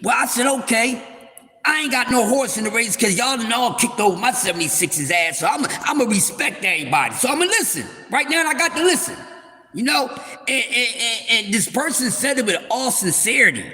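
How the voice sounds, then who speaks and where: A man hosting a casual sports talk livestream, rambling loudly with playful trash talk and shout-outs to his viewers. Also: very high voice, very animated, a little fast, in a large hall, faint music behind. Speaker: livestream host.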